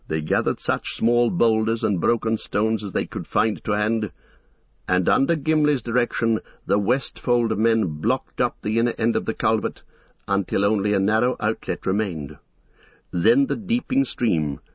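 Low-voiced guy reading a story, steady, dull lo-fi dry sound. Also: husky, no echo. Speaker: narrator. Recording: dull lo-fi recording.

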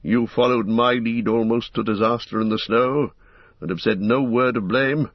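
A man's voice: medium pitch, fairly even intonation, moderate pace, dry recording, natural voice. A man reading the part of a weary, earnest ranger in an audiobook, speaking in a heavy, grim way. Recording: dull lo-fi recording.

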